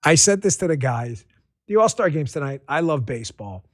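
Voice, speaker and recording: Speaking briskly into a studio mic, a man with a high voice hosts a political commentary podcast. He rants sarcastically and excitably, often tipping into laughter, and the close, dry recording has no echo.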